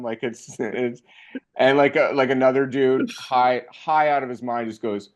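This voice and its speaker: A young man telling a funny personal story in a casual, animated way, acting out the voices of the people in it. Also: medium pitch, moderate pace. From Canada.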